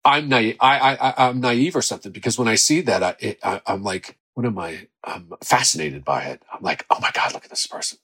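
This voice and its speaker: A middle-aged actor, a man, chatting as a podcast guest, telling rambling, animated anecdotes full of quoted voices. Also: mid-range voice, brisk, few pauses, husky. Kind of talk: casual anecdotal chat.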